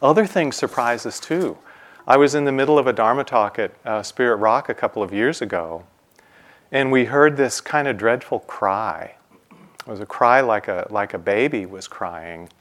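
A man's voice: mid-range voice, normal speed, a bit bright. Man giving a conversational dharma talk. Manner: conversational, asks rhetorical questions. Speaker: meditation teacher. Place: retreat center.

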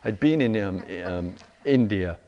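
A middle-aged man giving a meditation talk, telling everyday stories with lively, acted-out quotes. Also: on the low side, measured pace, muffled recording. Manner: animated storytelling, acts out quoted voices. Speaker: meditation teacher. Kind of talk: dharma talk to retreat audience. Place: retreat center meditation hall. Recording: reverberant hall recording.

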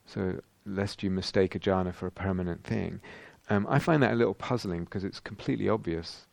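A man's voice: sits low, brisk, gravelly, no room sound. A middle-aged man giving a dharma talk as a meditation teacher, reflective and searching, with frequent ums and rhetorical questions.

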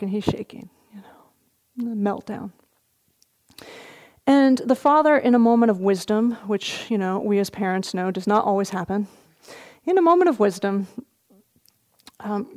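At a retreat, a middle-aged meditation teacher gives a dharma talk, gently telling a story punctuated by soft laughs. Her voice is medium in pitch and her pace unhurried.

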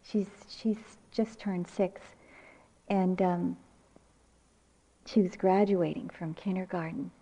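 An older woman giving a dharma talk as a meditation teacher, with reflective, unhurried storytelling. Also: lowish voice, steady tone, dark tone. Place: retreat center meditation hall. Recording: muffled lecture recording.

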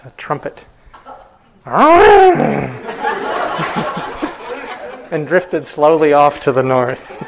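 A male meditation teacher telling a story in a dharma talk, relaxed, with fillers and chuckles. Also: mid-range voice, slight background noise, poor audio.

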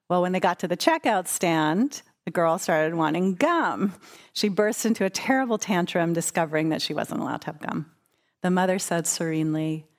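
Woman, meditation teacher, dharma talk, conversational, playful, low-ish voice. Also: lively intonation, brisk. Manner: conversational, warm, playful storytelling.

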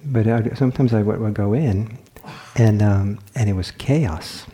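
A man who teaches meditation delivers a dharma talk in a deep, mellow voice. His delivery is soft and contemplative, with pauses and restarted phrases as he gropes toward each thought. He sounds warm and relaxed, and there's a little background noise.

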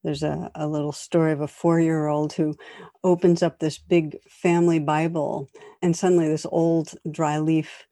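A woman meditation teacher giving a calm, reflective dharma talk with gentle jokes. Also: low voice, normal speed, no room sound, clean studio sound.

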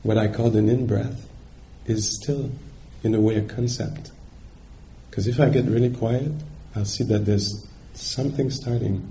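A man's voice: fairly low pitch, fairly even intonation, a little slow, mellow, a little hiss or hum. A man giving a dharma talk as a meditation teacher, searching for words and checking in with his listeners.

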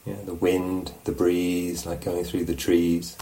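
A man teaching meditation, giving a relaxed, musing dharma talk at a retreat and often checking in with his listeners. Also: sits low, slow pace, low-quality recording. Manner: reflective, musing, asks questions of the listeners. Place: meditation hall.

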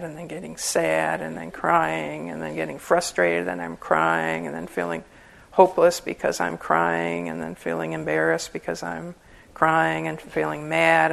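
A woman with a low, gravelly voice gives a relaxed talk on meditation practice. She speaks as a Buddhist teacher, chatty and joking, and laughs often as she explains. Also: low-quality recording. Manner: conversational and humorous, laughing often. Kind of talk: informal dharma talk.

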